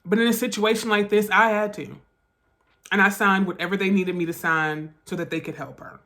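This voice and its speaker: A woman vlogger telling a personal story, halting and emotional, with restarts and quick bursts that trail off softly. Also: mid-range voice, fairly even intonation. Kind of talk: storytime vlog.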